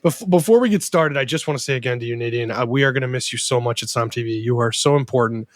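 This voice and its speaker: A man's voice: mid-range voice, fairly even intonation, fast talker, no room sound. A man hosting a podcast in a casual, joking and openly sentimental way. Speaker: podcast host.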